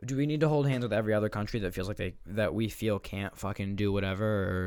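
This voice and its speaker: A man's voice: on the low side, quick pace, darkish tone, clean tone. A man in his twenties from the northeastern United States, hosting a podcast and ranting in a rambling, heavily profane way. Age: 20s. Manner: profane, rambling, with heavy swearing. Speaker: podcast host. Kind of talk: casual solo rant.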